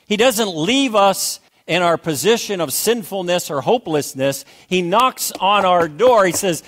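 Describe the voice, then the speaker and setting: Animated high-voiced older preacher. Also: male voice, a little slow. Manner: emphatic, repeats for effect, calls for amens. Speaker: pastor. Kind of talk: sermon.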